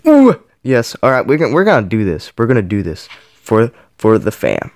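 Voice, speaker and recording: A man's voice: mid-range voice, wildly swooping pitch, moderate pace, a little mellow, no room sound, clean studio sound. A man playing a mobile game on camera, counting each flip aloud and yelping or groaning at every near miss. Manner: counts flips aloud, yelps and groans at misses. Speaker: gaming channel host.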